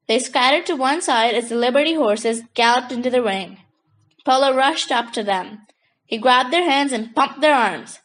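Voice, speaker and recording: A woman narrating a children's book in a steady storytelling voice. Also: on the high side, moderate pace, poor audio. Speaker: audiobook narrator.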